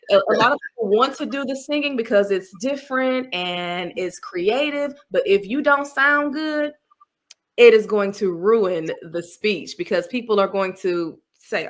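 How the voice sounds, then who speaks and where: Expressive woman giving speaking advice. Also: on the high side, unhurried. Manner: animated, expressive, laughs easily. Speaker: podcast guest, speaking coach. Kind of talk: casual interview.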